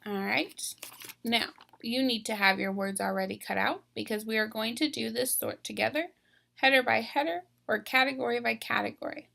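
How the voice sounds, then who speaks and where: A woman's voice: on the high side, normal speed, vocal fry, sharp tone. A woman teacher walking students through a word sort step by step, patient and thinking aloud as she goes. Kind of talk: instructional video walkthrough.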